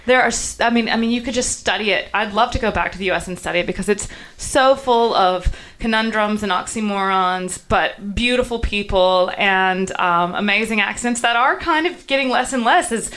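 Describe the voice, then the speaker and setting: A woman's voice: medium pitch, moderate pace, hardly any pauses, a bit bright. A young woman with a faded Southern US accent, chatting as a guest journalist in a podcast interview, full of ums and restarts. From Southern United States.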